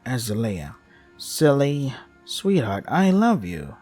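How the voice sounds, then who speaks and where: A man reading the lines of an affectionate young woman in a visual novel, in his own husky voice. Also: medium pitch, huge pitch swings, slow pace, darkish tone, soft background music, full character voice. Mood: tender.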